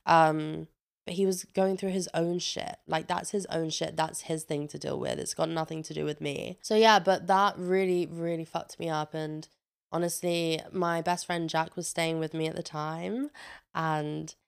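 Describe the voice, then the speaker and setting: A woman's voice: low-pitched, measured pace, vocal fry, smooth. A woman in her twenties tells a candid personal story in a chatty vlog, swearing freely and acting out what people said. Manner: chatty and swearing, with animated re-enacted quotes. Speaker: vlogger.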